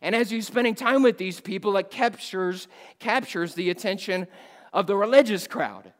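A man preaching a sermon at a church missions conference, animated and emphatic, swinging from loud bursts down to low, quiet lines. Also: normal speed, in a large hall.

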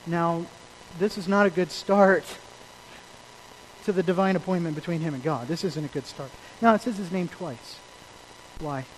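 A man delivers an emphatic sermon in a high voice. He shifts between loud stresses and quiet asides and asks his congregation questions. Faint noise sits behind him. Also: moderate pace, pauses often, rough recording. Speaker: preacher. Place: church service.

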